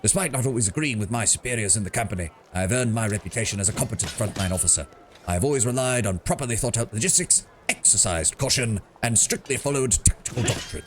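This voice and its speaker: A man's voice: fairly low pitch, animated, fast, noisy background, lightly acted. A man voicing a pompous, proud male mercenary captain with a put-on British accent and grand, boastful speech.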